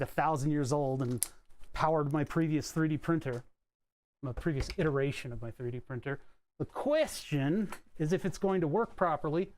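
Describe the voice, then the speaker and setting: On a desk microphone, a man chats casually during a live stream while tinkering with electronics at his workbench. He's rambling and wry with occasional swearing, and his voice is a little high with a darkish tone.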